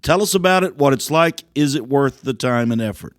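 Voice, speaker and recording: A man's voice: medium pitch, lively intonation, fairly quick, no echo. A man hosting a podcast, asking friendly questions in a casual chat. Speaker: podcast host.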